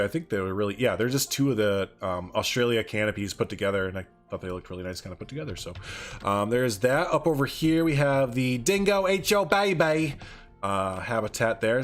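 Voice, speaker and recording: Chatty male streamer rambling over game music. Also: mid-range voice. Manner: rambling, chatty, reading out viewer chat. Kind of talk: casual live-stream commentary.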